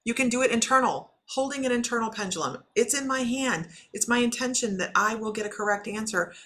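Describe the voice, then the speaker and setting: A woman's voice: fairly high pitch, brisk, pushed and bright. A middle-aged woman, a shaman and intuitive reader, chatting casually on a livestream, laughing often and talking to viewers by name.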